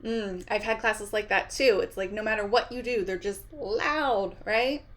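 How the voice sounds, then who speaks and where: A woman's voice: medium pitch, measured pace. A middle-aged woman, a kindergarten teacher, giving upbeat and chatty classroom tips straight to camera and often checking in with her listeners. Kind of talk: friendly teaching talk to camera.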